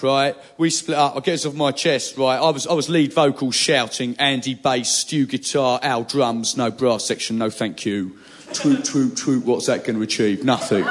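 A man doing a stand-up monologue in a blustering, deadpan rant. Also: mid-range voice. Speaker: stand-up comedian.

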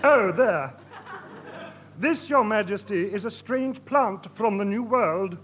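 A man's voice: high-pitched, animated, slow pace, muffled recording, noisy background. A man doing a pompous bumbling courtier. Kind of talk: radio sketch comedy.

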